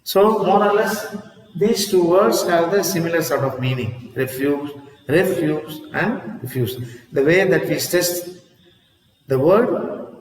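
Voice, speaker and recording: A man's voice: high voice, unhurried. Man teaching, echoey and distant. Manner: repetitive, drills words aloud, frequent "see?" checks. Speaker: English teacher. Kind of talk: classroom lesson on word stress.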